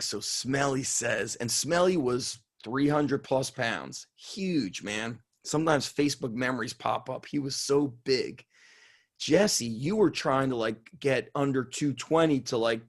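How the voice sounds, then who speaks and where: Guy coach telling a wild story, fired up and swearing, mid-pitched voice. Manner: excitable, swears, laughs while telling stories. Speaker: strength coach guest. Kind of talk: animated storytelling.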